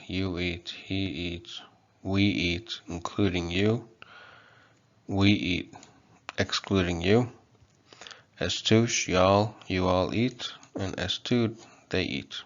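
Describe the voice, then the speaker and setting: A man teaching a casual whiteboard language lesson, halting often with fillers and restarts as he explains. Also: low voice, highs cut off.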